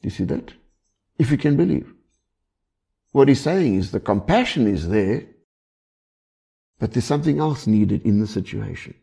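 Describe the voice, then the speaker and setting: A man's voice: fairly low pitch, sing-song, normal speed, gravelly, dark tone, slightly rough. A man preaching a sermon in a conversational way, often asking the listeners questions. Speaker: pastor.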